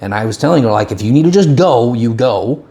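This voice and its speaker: Speaking a little fast in a mid-range voice, a man co-hosts a casual podcast from an indoor room. He's an animated storyteller who acts out the quotes of people in his stories.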